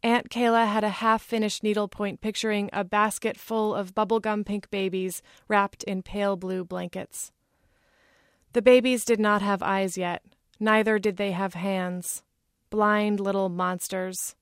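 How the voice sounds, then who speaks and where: Brief: woman author, measured literary reading, middle pitch, dry close-mic sound. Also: fairly even intonation, clear, resonant tone, no room sound. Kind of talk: reading aloud from her novel.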